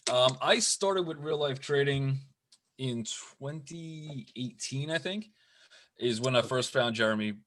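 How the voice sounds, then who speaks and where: A man, a day trader, talking in an easygoing, halting way and often repeating his words. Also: medium pitch, a bit bright. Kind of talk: casual chat.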